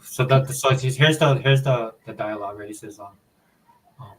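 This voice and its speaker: A man from Hawaii with a Hawaiian accent, chatting casually as a podcast co-host in a relaxed, rambling way. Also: medium pitch, moderate pace, poor audio. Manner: laid-back, rambling explanations. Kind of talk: casual chat.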